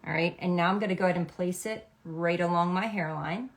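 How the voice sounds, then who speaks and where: A woman's voice: lowish voice, brisk. A middle-aged woman, a makeup artist, explaining a makeup routine step by step in a chatty, instructive way, often checking in with "okay?". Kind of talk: makeup tutorial.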